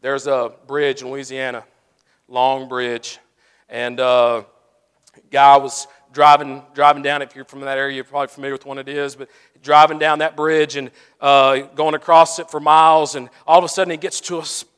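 A man preaching a sermon and closing in prayer, telling stories animatedly, swinging from loud to hushed. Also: medium pitch, flat delivery, normal speed, clean tone. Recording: long hall reverb.

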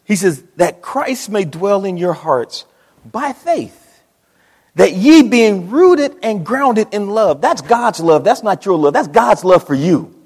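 Husky man preaching a dramatic sermon. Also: high voice, lively intonation, takes it slowly, long reverb tail. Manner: dramatic, swings between hushed and shouting. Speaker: pastor. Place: church.

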